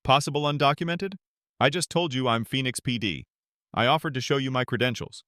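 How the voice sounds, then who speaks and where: A man's voice: lowish voice, a little fast, a bit bright, no echo, studio quality, lightly acted. Man voicing a composed, firm veteran police sergeant. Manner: composed, assertive.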